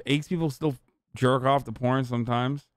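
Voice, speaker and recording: A man's voice: mid-range voice, fairly even intonation, moderate pace, no echo, studio quality. Ranting profane male streamer, clean voice. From Turkey. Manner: profane, ranting, talks straight to chat. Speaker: streamer reacting to a video. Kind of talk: casual live-stream commentary.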